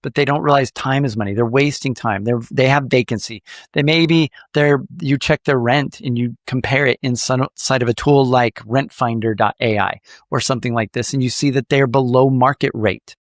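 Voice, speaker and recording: A man hosting a podcast, coaching listeners in a lively, animated way with playful jokes. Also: mid-range voice, moderate pace, few pauses, no room sound, clean studio sound. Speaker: podcast host.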